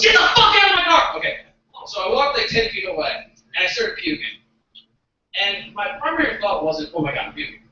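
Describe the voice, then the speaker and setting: A man's voice: fairly high pitch, bright, forceful tone, a little hiss or hum. A man telling awkward, self-deprecating stories in a stand-up routine, acting out what people said. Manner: self-deprecating, awkward storytelling with acted-out quotes. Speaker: stand-up comedian. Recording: echoey, dull recording from a distant mic.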